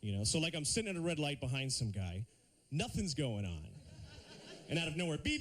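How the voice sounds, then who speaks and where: A man doing a stand-up routine on a TV studio stage, lively and slipping into silly put-on voices. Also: a little high, fast, slight background noise. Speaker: stand-up comedian.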